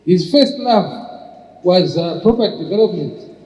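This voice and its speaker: A man's voice: high voice, lively intonation, measured pace, a little mellow. An older man telling long stories to an audience, with many restarts. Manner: anecdotal, with frequent restarts. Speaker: entrepreneur and speaker. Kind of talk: storytelling talk. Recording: muffled, echoey hall.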